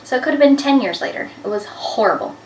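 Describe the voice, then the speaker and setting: A woman in her twenties telling embarrassing stories to camera in a chatty, animated way, with lots of "like" fillers. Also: high-pitched, fast talker, slight background noise. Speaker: vlogger. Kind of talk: casual storytelling to camera. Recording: echoey room, a bit far from the mic.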